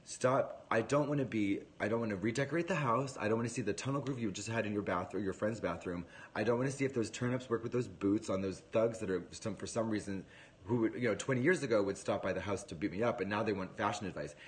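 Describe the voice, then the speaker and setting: A man's voice: on the low side, quick pace, slight background noise, natural voice. A man voicing a timid young gay son who pleads earnestly to be left alone. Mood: pleading.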